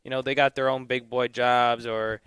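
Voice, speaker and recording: A man in his twenties from Illinois co-hosts a morning radio chat in a relaxed, rambling way, full of fillers. His voice is mid-pitched and smooth, and the studio mic keeps it dry and close. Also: moderate pace, no echo. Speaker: radio co-host. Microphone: studio microphone.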